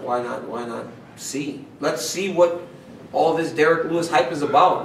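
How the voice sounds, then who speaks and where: A man being interviewed, telling a story in a lively, casual way, laughing often and acting out what people said. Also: on the high side, echoey room, recorded from a distance, a little hiss or hum, rough recording. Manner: animated, laughing, acts out quotes. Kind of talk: casual storytelling in a media scrum.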